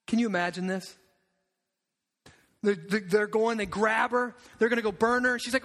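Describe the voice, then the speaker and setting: Male pastor with a very high voice, animated and emphatic sermon delivery. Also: a little fast, long reverb tail.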